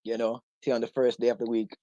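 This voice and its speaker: A man's voice: mid-range voice, monotone, fast, dark tone, dry recording, muffled recording. A British man hosting a live online discussion, chatting casually and joking, often breaking into laughter. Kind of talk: casual livestream chat.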